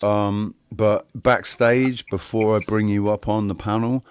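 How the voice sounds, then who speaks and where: A man's voice: lowish voice, steady tone, unhurried, clean tone, no echo. A man hosting a livestream panel in casual chat, rambling and restarting his sentences and swearing freely.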